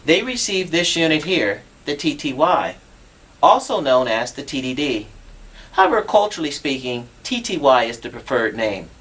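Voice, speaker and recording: A man's voice: on the high side, very animated, moderate pace, fairly bright tone, slightly rough. A man demonstrating assistive telephone equipment on a TV show, patient and instructive, walking through each step.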